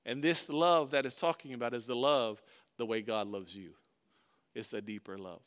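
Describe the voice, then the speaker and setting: A pastor delivering a sermon, reading scripture aloud and commenting on it, swinging between loud emphasis and hushed, quiet passages. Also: male voice, medium pitch, fairly even intonation, normal speed, smooth.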